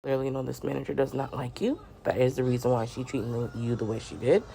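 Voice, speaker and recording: A woman's voice: rumbling low, flat delivery, quick pace, vocal fry, very noisy. A woman hosting a reaction video, talking things through in a casual, unsure way before wishing the viewer well. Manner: musing, unsure, sympathetic sign-off.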